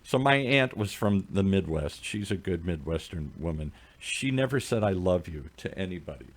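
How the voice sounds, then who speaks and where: A man's voice: sits low, animated, normal speed. A middle-aged man co-hosting a radio talk show, chatting and telling stories with many restarts. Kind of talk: casual talk radio conversation.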